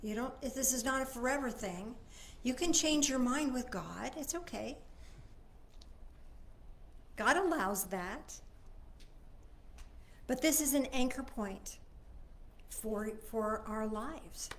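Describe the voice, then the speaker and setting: A woman with a fairly high voice leading a relaxed spiritual service. She talks to her listeners as if chatting and often checks that they follow. She drops to quiet asides and then rises for firm, emphatic points. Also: takes it slowly, pauses often, a little hiss or hum. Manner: swings between soft asides and emphatic points. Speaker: spiritual minister. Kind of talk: informal Sunday service teaching.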